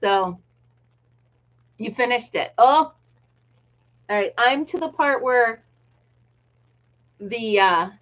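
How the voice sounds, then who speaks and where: A woman's voice: a little high, animated, slow, long pauses, a bit bright, muffled recording. A middle-aged woman casually chatting on her livestream, greeting viewers by name and laughing often. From United States. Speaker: livestream host. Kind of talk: casual chat.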